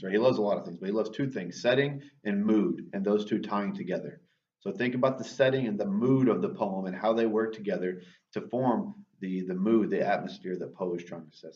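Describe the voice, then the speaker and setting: Low-voiced guy teacher explaining assignments, keeps saying all right, mic kinda far and muffled. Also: darkish tone. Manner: casual, repeats "all right" and "right?" often. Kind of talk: recorded class instructions. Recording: distant, dull lo-fi mic.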